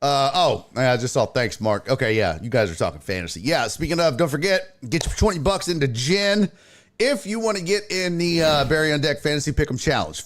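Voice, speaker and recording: Male streaming host, high and lively voice, relaxed pace, profane and jokey with his chat. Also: a little fast. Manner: laughs often, swears freely, reacts loudly to chat. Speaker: sports talk streamer host. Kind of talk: casual live-stream chat with viewers.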